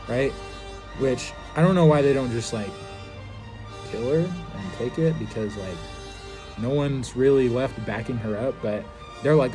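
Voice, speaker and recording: A man's voice: medium pitch, moderate pace, over music. A man casually recapping a TV episode, rambling loosely with many fillers. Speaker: TV show reviewer.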